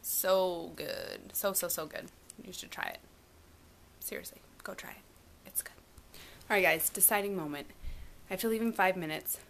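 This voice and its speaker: A woman's voice: lowish voice, moderate pace, creaky, long pauses, fairly bright tone, slight background noise. A young woman, a mom, chatting casually to her camera at home, rambling with fillers. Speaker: vlogger, mom. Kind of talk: casual vlog chat. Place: family home, indoors.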